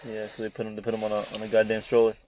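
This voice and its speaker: Young dude telling a story, cussing a lot, doing everyone's lines, laughs a lot. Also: male voice, on the low side, monotone, rapid-fire, noisy background. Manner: swears a lot, acts out quotes, laughs often. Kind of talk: casual storytelling chat.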